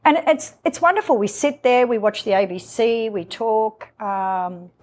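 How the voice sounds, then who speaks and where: A woman, a guest in her own home, telling a personal story in an emotional, halting way with many fillers. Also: fairly high pitch, darkish tone. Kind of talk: candid personal interview.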